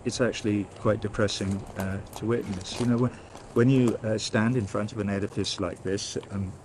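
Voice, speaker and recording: A man speaks slowly and soberly, pausing with fillers as he searches for words. His voice sits low. Faint traffic noise runs behind him. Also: steady tone, darkish tone. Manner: hesitant, measured, sombre. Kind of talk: reflective documentary remarks.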